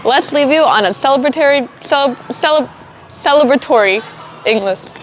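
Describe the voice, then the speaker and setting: A teenage girl with a slightly high voice hosts a student show. She keeps breaking into giggles and restarting her lines, flustered but cheerful. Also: moderate pace, slight background noise. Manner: giggly, flustered by slip-ups. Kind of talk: outtakes of a school show.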